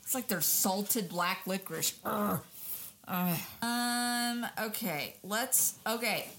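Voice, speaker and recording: A woman co-hosting a casual podcast chat, reacting with quick interjections and laughs. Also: medium pitch, fairly bright tone, slight background noise. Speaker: podcast co-host.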